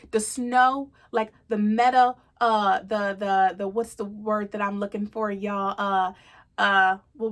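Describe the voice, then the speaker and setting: A woman's voice: medium pitch, fairly bright tone. A woman in her thirties hosting a casual devotional talk, earnest and chatty, calling listeners y'all with plenty of fillers. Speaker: host of a faith talk show.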